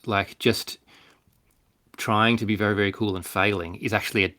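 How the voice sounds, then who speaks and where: Speaking at a normal speed in a lowish voice, an Australian man who works as a clown doctor and performer swaps casual stories on a podcast. He is animated and slips into the voices of the people he quotes.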